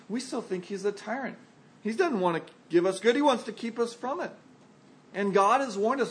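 A man preaching a sermon, earnest and lively, slipping into quoted voices to make his points. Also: high-pitched, a little fast. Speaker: pastor.

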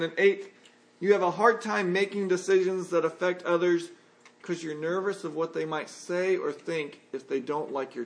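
A man with a notably high voice delivers a sermon from the pulpit. He talks in an earnest, conversational way and works through his points with vivid everyday illustrations. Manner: earnest, conversational preaching with lively examples. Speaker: pastor.

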